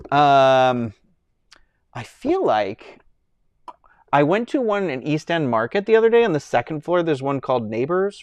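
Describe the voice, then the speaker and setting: A young man with a middle-pitched voice talks his way through a relaxed live stream, rambling from one thought to the next and answering viewers between fillers and laughs. His voice sits close and dry on the mic, with no room sound around it. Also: no room sound. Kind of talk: casual chat reading viewer comments.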